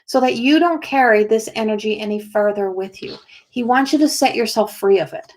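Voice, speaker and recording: Rambling woman psychic, slightly high voice. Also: a little fast, slight background noise. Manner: rambling, full of "like" and restarts, relaying a spirit's words. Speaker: psychic medium doing an oracle card reading. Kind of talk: spontaneous spiritual reading.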